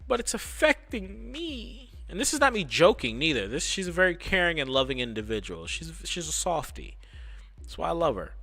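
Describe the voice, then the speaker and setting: A man streaming live, telling a casual story in a rambling, profane, animated way. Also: a little high, a little fast.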